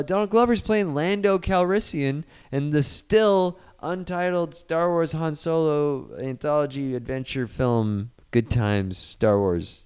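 A man's voice: medium pitch, darkish tone, smooth. A man in casual podcast chat reviewing a movie, retelling scenes animatedly and swearing freely.

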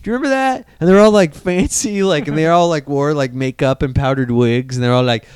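Crisp, dry-voiced male podcast host. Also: on the high side, fairly quick, dry recording. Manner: crude and jokey, lots of fillers. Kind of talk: casual chat and reading news.

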